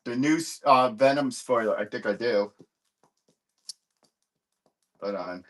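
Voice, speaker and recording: Casual male live-sale host, mid-pitched, rambling and filler-heavy. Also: moderate pace, a bit bright. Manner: rambling, lots of fillers and "hold on"s while searching. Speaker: live-stream comic seller.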